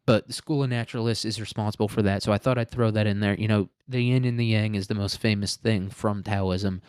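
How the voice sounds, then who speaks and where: A man's voice: fairly low pitch, steady tone, fairly quick, a little mellow, smooth, dry recording, clean studio sound. A man hosting a podcast alone, telling rambling stories in casual, profane talk and laughing often. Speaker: podcast host. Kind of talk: casual solo podcast monologue.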